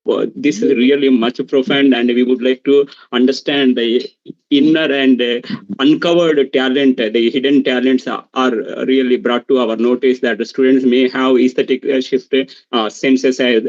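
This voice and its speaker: A man's voice: medium pitch, a little mellow, dry recording, muffled recording. A man from Maharashtra asking a question on a video call while traveling, formal and polite, rambling with many restarts. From Maharashtra, India. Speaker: symposium participant. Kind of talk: online audience question.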